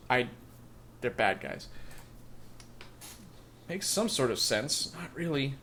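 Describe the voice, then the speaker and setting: A man's voice: medium pitch, animated, takes it slowly, pauses often, a bit bright. A man hosting a let's play, reading game text and making rambling, wry, joking asides in sarcastic commentary. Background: faint game music.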